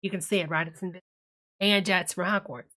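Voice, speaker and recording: A woman's voice: on the low side, fairly even intonation, fairly quick, bright, forceful tone. A woman doing a tipsy church lady host. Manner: gushing, calls everyone honey, drawling asides. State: tipsy from a cocktail. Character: gushing Southern church-lady streamer, middle-aged. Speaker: livestream host reading chat. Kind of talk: live reaction stream chatter.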